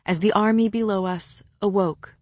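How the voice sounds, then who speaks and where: A woman reading a story aloud in first person, with a soft and even narrating manner. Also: medium pitch, moderate pace, dry recording, studio quality. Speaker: audiobook narrator.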